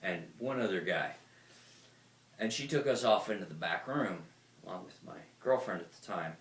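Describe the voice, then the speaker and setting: Speaking low at a moderate pace, a man rambles casually through a talk, a lively storyteller who swears freely; the recording has a roomy echo.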